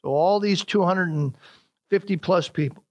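A male preacher with a notably high voice works through a scripture passage verse by verse. He climbs higher and louder to drive points home, then slows and softens for prayerful lines. His delivery is earnest and animated. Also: lo-fi sound. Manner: emphatic, rising in pitch and force to stress scripture, slowing on key phrases. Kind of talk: expository sermon reading scripture aloud.

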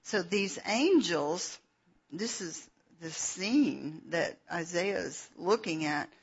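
Woman preacher, slow and earnest, husky voice, lo-fi dull recording. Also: on the low side, expressive. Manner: unhurried, explains verses with asides and fillers. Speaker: Bible teacher. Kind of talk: slow, earnest sermon with scripture reading.

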